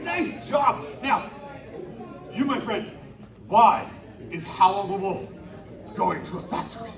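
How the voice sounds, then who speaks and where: A high-pitched man runs a lively storytelling show, calling out to the audience and egging them on to shout. He is heard from a distance in an echoey space. A crowd chatters around him. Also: unhurried. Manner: animated, coaxing the crowd into shouting. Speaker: live children's storytelling performer. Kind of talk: interactive live show hosting. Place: outdoor winter carnival stage. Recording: echoey, distant live stage recording with crowd. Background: audience noise.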